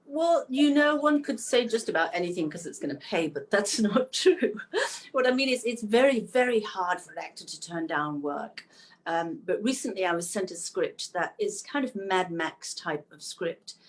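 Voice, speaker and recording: Lively actress, middle-aged. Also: female voice, normal speed. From Manchester, England. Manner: lively, laughs often, pitch leaps up when excited. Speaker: actress, guest. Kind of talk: casual interview chat.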